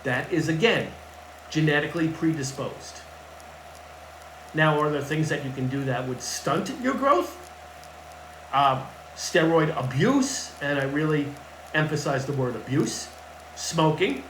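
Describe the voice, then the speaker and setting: A man's voice: on the high side, animated, a little slow, long pauses, a bit bright, slight background noise. A man working as a fitness coach gives casual advice to camera in a blunt, emphatic way and repeats his key points. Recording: echoey room with faint ambience.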